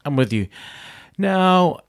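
A man's voice: sits high, big pitch swings, takes it slowly. A man co-hosting a casual reaction chat, gushing and enthusiastic. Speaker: podcast co-host.

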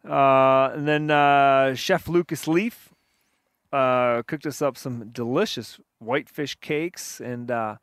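A man on a podcast recapping a fishing trip in casual chat, hesitant with lots of pauses. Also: mid-range voice, fairly even intonation, a bit bright, clean tone, dry recording, clean studio sound. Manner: hesitant, many fillers. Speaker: podcast guest.

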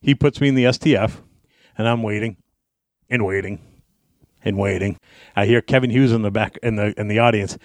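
A man's voice: medium pitch, brisk, long pauses, a little hiss or hum. Profane man telling a wrestling story. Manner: profane, animated, acts out yelling. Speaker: guest, pro wrestler. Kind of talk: casual storytelling.

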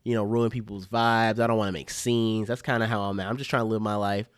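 A man's voice: fairly low pitch, level tone, fast talker, no echo, clean studio sound. Laid-back young guy telling a story. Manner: laid-back slangy storyteller, swears freely. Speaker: podcast co-host. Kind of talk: casual chat, storytelling.

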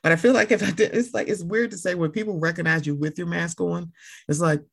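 A woman hosting a casual podcast, reacting often and acting out quotes in an animated way. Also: on the low side, quick pace, gravelly, slightly rough.

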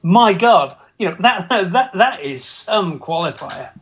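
A man with a fairly high voice chats on a football podcast, agreeing readily and dropping quick jokes. He laughs often between his remarks. His recording sounds dull and lo-fi. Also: expressive, a bit bright. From England. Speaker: podcast co-host. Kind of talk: casual chat.

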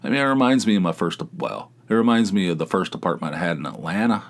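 A man's voice: low-pitched, expressive, fast. A middle-aged man hosting a solo podcast, telling stories in a rambling, conversational way. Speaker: podcast host. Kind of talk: casual solo monologue.

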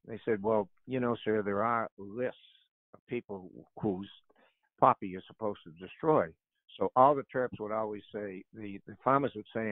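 An older man and author, a guest telling animated stories and chuckling, often repeating his words. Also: lowish voice, moderate pace, no room sound. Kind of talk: conversational storytelling on a radio show. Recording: tinny phone line.

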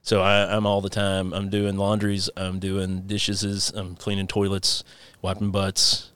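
A man's voice: sits low, unhurried, smooth, no echo. A man in his thirties hosting a casual podcast, rambling through stories with frequent laughs. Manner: laughs often, rambling and animated storytelling. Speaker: podcast host.

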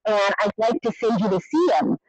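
A middle-aged woman telling her story in a casual interview, animated and climbing to high exasperated tones. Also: fairly quick, no room sound, lo-fi sound. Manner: animated, rising to high exasperated pitch when retelling exchanges. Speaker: documentary creator interviewed as guest.

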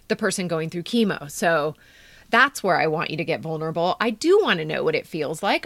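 A woman's voice: medium pitch, fairly bright tone, dry recording. A woman in her fifties, a podcast co-host, giving candid and emotional feedback on a friend's writing in casual, filler-heavy chat. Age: 50s.

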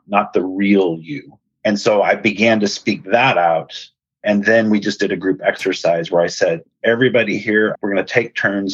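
Brief: lowish, husky male host, earnest storyteller, dull dry recording. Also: no room sound. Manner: earnest, animated retelling with quoted dialogue. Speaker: podcast host and speaker. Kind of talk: personal storytelling.

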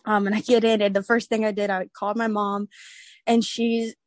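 A young woman in her twenties, a podcast guest, telling a personal story in an animated, casual way, acting out the voices of others and laughing often. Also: mid-range voice, normal speed, dry recording.

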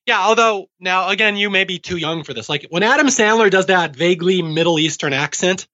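Man in his forties, podcast co-host, casual chat, forceful bright tone, dull lo-fi sound. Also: high-pitched, a little fast.

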